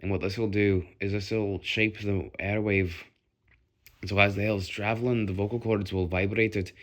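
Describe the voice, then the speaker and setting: Man, slightly low voice, solo phone vlog, restless and self-mocking, swears a lot. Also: fairly even intonation, normal speed, fairly bright tone. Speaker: vlogger. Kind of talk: rambling solo monologue.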